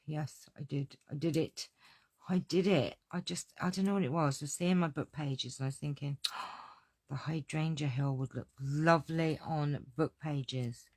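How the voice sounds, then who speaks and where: A woman's voice: deep voice, fairly even intonation, normal speed, dry recording. Gushing woman demonstrating card crafts. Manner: gushing, exclamatory, talks to viewers. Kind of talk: live crafting tutorial chat. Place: home craft desk.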